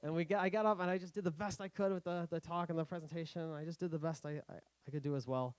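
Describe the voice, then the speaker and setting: A man's voice: on the high side, clean tone, no echo, rough recording. Chatty young man telling a nervous story. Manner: halting, self-correcting, with many "like" fillers; animated, acting out his own past thoughts. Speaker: speaker giving a personal talk. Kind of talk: casual storytelling speech.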